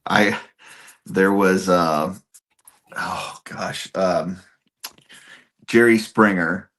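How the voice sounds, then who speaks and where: Man, thirties, low and unhurried, giggly storyteller in a relaxed chat. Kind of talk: casual chat.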